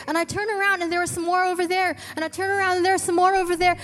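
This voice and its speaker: Her very high-pitched, slightly bright voice comes out rapid-fire with a level tone as she preaches to her church. She tells an earnest story, restarting eagerly as she goes. The church hall recording carries long reverb and faint music.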